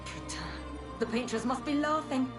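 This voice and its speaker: Woman voicing English expedition leader, bitter, swearing, game scene, loud score behind. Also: high-pitched, steady tone, normal speed, music in the background, natural voice. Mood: bitter, exasperated. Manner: bitter, cursing outbursts with French swears. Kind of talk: video game voice acting.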